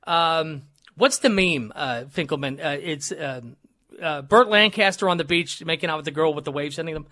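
A man's voice: fairly high pitch, normal speed, sharp tone. A male talk radio host, joking and laughing through his banter with many fillers.

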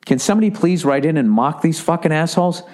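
A middle-aged man hosts his own podcast, and his voice is a little high, animated, quick, and slightly mellow. Alone at the mic, he rambles through sarcastic, profane rants and reads listener emails with running commentary.

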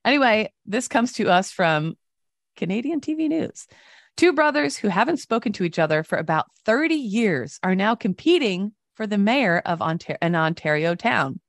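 A woman co-hosting a casual talk show, telling stories and reading news with lively voiced quotes. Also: mid-range voice, moderate pace, dry recording, studio quality. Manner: animated storytelling with voiced quotes. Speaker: co-host.

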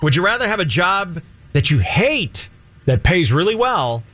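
A man's voice: high voice, very animated, sharp tone. A man co-hosting a morning TV show, teasing his colleagues and drawing out quiz questions in playful studio banter. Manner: teasing, mock-prim, drawn-out questions. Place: TV news studio.

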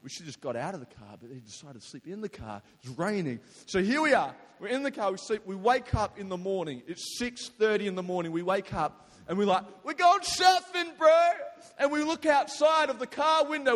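A young man casually telling a story to an audience, animated and slangy, with sudden loud outbursts. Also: sits high. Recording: long hall reverb.

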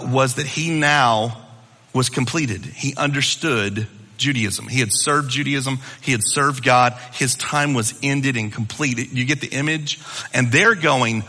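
A man preaching a sermon, teaching in an animated, conversational way with asides to his listeners. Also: medium pitch. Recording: long reverb of a hall.

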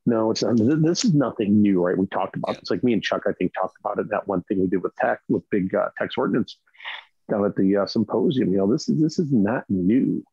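A man's voice: fairly low pitch, brisk, gravelly, slightly rough, no room sound, muffled recording. A middle-aged man in casual chat, rambling with restarts and frequent "right?" asides. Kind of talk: casual chat about rifle optics.

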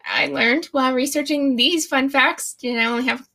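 A young woman co-hosts a loose, chatty book discussion, with a high voice and plenty of gravelly fry. Her tone is bright and sharp, and she swears and laughs freely as she recaps. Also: steady tone, normal speed. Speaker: podcast co-host. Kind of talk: casual book-club chat.

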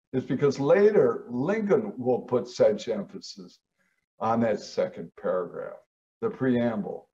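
A man giving a lecture, stressing key words with sharp rises in pitch. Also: distant mic, highs cut off. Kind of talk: lecture on founding history.

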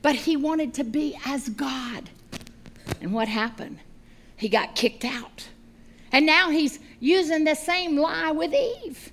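A middle-aged woman preaching a sermon with animated, humorous storytelling. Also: a little high, unhurried, slight background noise.

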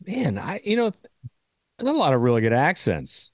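A man co-hosting a sports podcast, telling stories in an animated way and swearing casually. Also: a little high, brisk, no room sound, studio quality. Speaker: podcast co-host.

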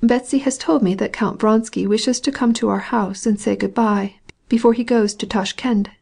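An agitated young wife, recovering from illness, speaking in a hushed and halting way, as a woman narrator puts her on. Her words come out urgent and uneasy. The voice stays mellow and low-key. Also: steady tone, vocal fry.

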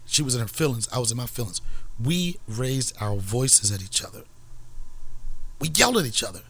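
A middle-aged man, the podcast host, telling a story in casual, profane, animated chat and laughing often. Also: mid-range voice, moderate pace, husky.

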